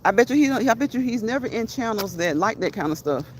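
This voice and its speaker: A woman with a voice on the high side hosts an easygoing livestream against slight background noise. Chatting fast and energetically, she reads out messages from chat, laughs a lot, and talks back to viewers.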